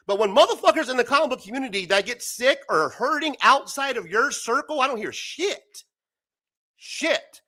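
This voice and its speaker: Male host, high bright voice, swings up and down a lot, profane heated rant. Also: big pitch swings, normal speed. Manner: profane, heated, laughs often. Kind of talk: ranting live-stream talk.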